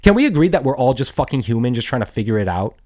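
A young man delivers an angry, profane rant in a rambling monologue. His voice jumps from high, loud bursts down to low mutters, and he keeps restarting his sentences. Blunt and crude throughout. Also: big pitch swings, rapid-fire. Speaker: podcast host.

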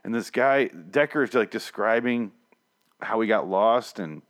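A man's voice: fairly low pitch, animated, measured pace. A man hosting a casual chat, ranting profanely and animatedly about a TV episode. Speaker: podcast host.

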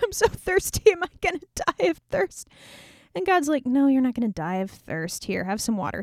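A woman's voice: fairly high pitch, clear, resonant tone, no room sound, clean studio sound. Chatty, irreverent young woman storyteller. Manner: irreverent, chatty, sarcastic asides. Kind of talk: casual retelling of a scripture story.

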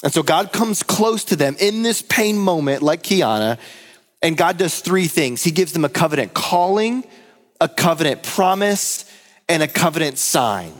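A man's voice: on the high side, moderate pace. A man in his thirties, a pastor giving a conversational sermon to his church and telling stories. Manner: storytelling, lively and conversational. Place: church hall. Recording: long hall reverb.

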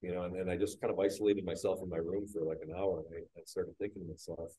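A man, a guest business owner, frankly telling his own story on a podcast panel at a live event, getting animated when he acts out scenes. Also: sits low, fast talker, few pauses, husky, poor audio. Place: live industry training event.

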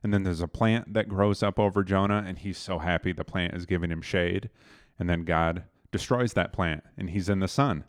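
A man leading a casual Bible discussion, retelling the story in animated, plain speech. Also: deep voice, normal speed, few pauses, no echo, clean studio sound.

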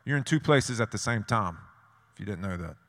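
A man's voice: on the low side, lively intonation, a little fast, a bit bright. A man preaching a sermon, telling stories and driving points home with rhetorical questions and repeated phrases. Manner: storytelling with rhetorical questions and repetition. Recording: long hall reverb.

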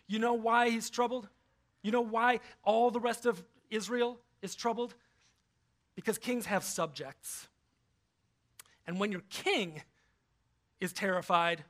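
Guy pastor preaching, pretty high voice, gets loud then drops low for asides. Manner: animated preaching, swinging between loud emphasis and low asides. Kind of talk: sermon.

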